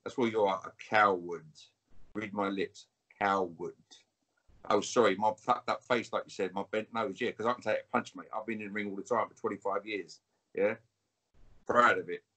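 Taunting British man with a husky voice. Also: fairly low pitch, fairly even intonation, a little fast, a bit bright. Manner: taunting, repetitive, calls listener mate. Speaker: interview guest. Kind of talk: combative interview trash talk.

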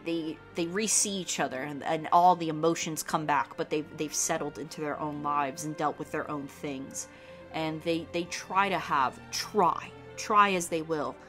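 On her podcast, a young woman whose voice is deep and low rambles happily about movies. Her talk is full of fillers and restarts as she loops back on herself, and faint, soft music sits in the background.

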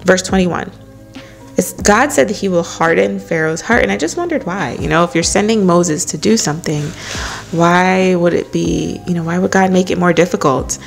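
A woman leads a relaxed Bible study in a low, gravelly voice, chatting through it with lots of "you know". Soft music plays faintly behind her. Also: normal speed. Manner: conversational, many "you know" fillers, light laughs. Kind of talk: casual Bible study talk.

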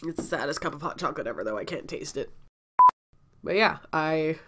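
A woman's voice: sits low, animated, fairly quick, very noisy. A woman telling a casual story-time vlog while sick and out of breath, chatty and rambling, often laughing and coughing between thoughts. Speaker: vlogger.

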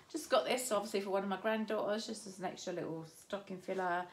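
Nan rambling about her shopping, gravelly voice, noisy home recording. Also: mid-range voice, steady tone, moderate pace. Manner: chatty, rambling, restarts and trails off. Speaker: vlogger showing a shopping haul. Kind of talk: casual haul chat.

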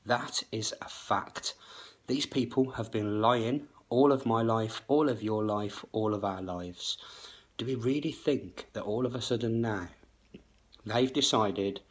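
A man's voice: fairly low pitch, a bit bright. A man hosting his own channel, talking straight to the camera in an emphatic, insistent way, full of rhetorical questions. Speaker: channel host. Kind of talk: direct-to-camera monologue.

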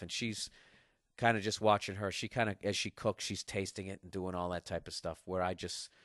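A man's voice: fairly low pitch, fairly bright tone, no room sound, studio quality. A man in his forties with a Boston accent, hosting a casual solo podcast and ranting in a profane, mock-aggressive, bragging way. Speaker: podcast host. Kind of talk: casual solo podcast rant reading listener email.

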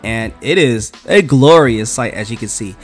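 A man's voice: medium pitch, lively intonation, normal speed, soft background music. A man casually reviewing a comic book in a laid-back, slangy way.

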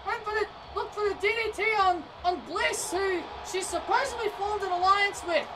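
A woman doing excitable play-by-play wrestling commentary over a video game, often shouting and tripping over her words. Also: extremely high pitch, moderate pace. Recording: distant mic with noisy background.

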